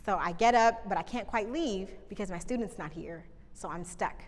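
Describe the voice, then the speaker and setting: A woman communication coach telling lively stories from a stage, talking to the audience and asking them questions. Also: medium pitch, normal speed, slight background noise. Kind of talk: live keynote storytelling. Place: stage before a live audience. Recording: reverberant hall, live talk.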